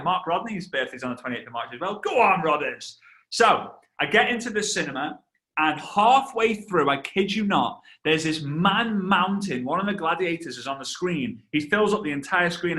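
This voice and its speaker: Man in his thirties, bright forceful voice, energetic storytelling trainer, quick asides. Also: a little high. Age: 30s. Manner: animated storyteller, shouts and laughs, quick asides to the audience. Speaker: guest speaker. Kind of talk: energetic motivational training talk.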